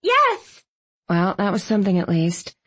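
A woman reading a first-person novel aloud as an audiobook narrator, brisk and expressive. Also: medium pitch.

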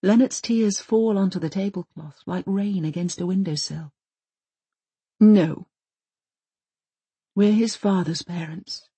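Mellow-voiced woman narrating a story. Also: mid-range voice, breathy edge, no room sound. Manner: measured, gentle storytelling. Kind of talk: audiobook narration.

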